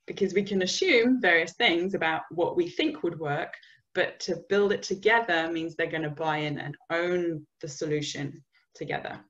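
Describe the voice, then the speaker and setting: A woman's voice: on the low side, moderate pace, a bit bright, dull audio. A woman from the UK giving a conversational business communication webinar, sometimes acting out example phrases. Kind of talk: webinar presentation.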